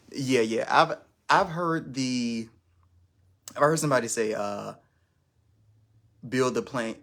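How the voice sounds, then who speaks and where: A man's voice: on the low side, creaky, a bit bright. A man hosting his first live stream, chatting casually in a rambling, self-conscious way with lots of restarts.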